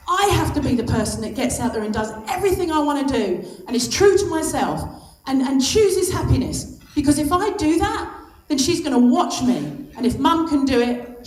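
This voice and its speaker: A woman's voice: sits high, darkish tone. A woman in her fifties giving an impassioned motivational speech on stage, stressing her points through repetition. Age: 50s. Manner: impassioned, emphatic, repeats for stress. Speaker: guest speaker. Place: stage at a lunch event. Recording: echoey hall.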